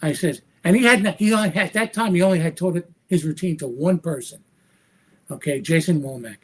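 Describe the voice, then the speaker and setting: A man with a somewhat husky voice, pitched a little high for a man, tells stories in a podcast interview. He is a magician guest and speaks in a lively way, slipping into the voices of the people he quotes. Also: fairly quick. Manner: acts out quoted dialogue with lively voice shifts. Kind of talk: animated anecdotal storytelling.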